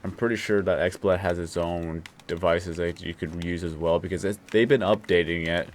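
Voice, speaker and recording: A man hosting a casual late-night livestream, talking in a relaxed, rambling way. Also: deep voice, normal speed. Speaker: livestream host.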